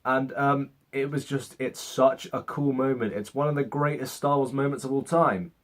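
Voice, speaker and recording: A man's voice: medium pitch, steady tone, normal speed. Sarcastic young man reviewing a movie. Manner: sarcastic, swears, acts out scenes in mock voices. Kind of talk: casual spoken movie review.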